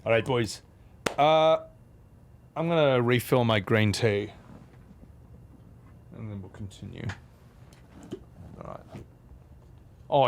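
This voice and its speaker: A man streaming a video game, swearing and ranting at the controls, then mumbling softly to chat. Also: mid-range voice, takes it slowly, pauses often, a little hiss or hum. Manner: swears a lot, rants loudly at the game, then drops to soft mumbles. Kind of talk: live gameplay commentary.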